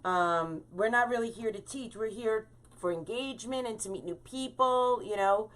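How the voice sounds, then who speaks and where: A woman's voice: fairly high pitch, normal speed, fairly bright tone. A talkative woman hosting a live-stream wreath-making tutorial, chatting with viewers and greeting them by name.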